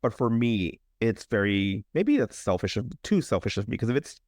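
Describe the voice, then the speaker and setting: A young man co-hosting a horror podcast, recapping a movie in a casual, animated way, joking and laughing. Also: lowish voice, normal speed, no echo, clean studio sound. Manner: animated storyteller, jokes and laughs. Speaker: podcast co-host.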